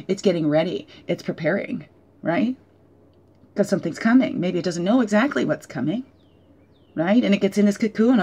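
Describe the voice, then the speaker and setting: A woman's voice: lowish voice, a little fast, husky. Reflective woman giving a card reading. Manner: reflective, asks many questions, often adds "right?"; gently joking, laughs at herself. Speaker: spiritual teacher giving a weekly oracle card reading. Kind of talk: casual guided card reading. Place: at home.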